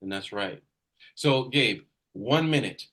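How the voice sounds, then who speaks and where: A man's voice: lowish voice, expressive, slow, fairly bright tone. A man coaching real estate agents in a live video session, talking energetically with emphatic bursts and repeating his points. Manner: repeats points for emphasis, direct address to a trainee.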